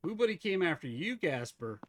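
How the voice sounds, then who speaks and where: A man's voice: sits high, very animated, brisk, fairly bright tone, no room sound. A man streaming a game live, chatting casually with viewers, teasing them and laughing often.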